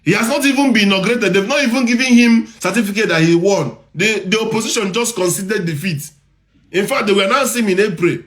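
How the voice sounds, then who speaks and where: A man's voice: sits high, fast talker, a bit bright. A man with a Nigerian accent giving impassioned commentary, repeating his points and firing rhetorical questions. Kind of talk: impassioned social media commentary.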